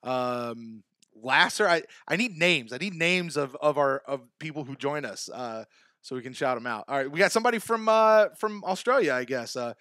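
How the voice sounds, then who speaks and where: A man's voice: on the high side, expressive, moderate pace, sharp tone, no room sound. Chatty male podcast host, dry sound. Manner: casual, chatty, hesitant restarts. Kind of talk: live call-in podcast chat.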